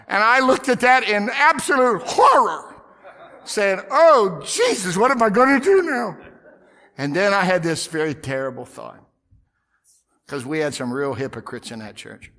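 A middle-aged male pastor with a high voice tells a story during a sermon, swinging between loud outbursts and hushed whispers.

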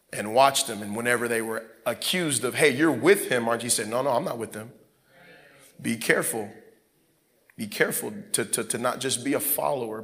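Pastor, male, chatty sermon storyteller, mid-pitched voice, long hall echo. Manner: conversational, animated storytelling with many fillers.

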